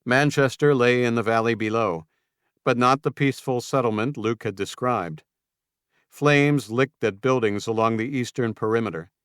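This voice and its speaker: A man narrating a post-apocalyptic audiobook in a measured, even storytelling manner. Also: medium pitch, clear, resonant tone, dry recording, studio quality. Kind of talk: scripted narration.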